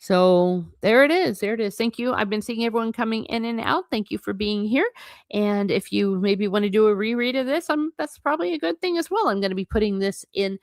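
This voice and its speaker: A woman's voice: a little high, a little fast, no echo, clean studio sound. A woman hosting a book channel, reading passages aloud and giving frank, opinionated commentary, often stumbling over words.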